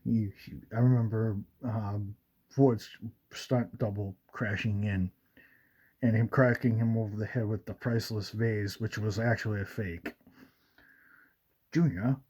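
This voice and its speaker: A man's voice: lowish voice, little pitch movement, unhurried, darkish tone. A male radio show host chatting casually, rambling with fillers and retelling movie scenes. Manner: rambling, with many fillers and quoted movie lines.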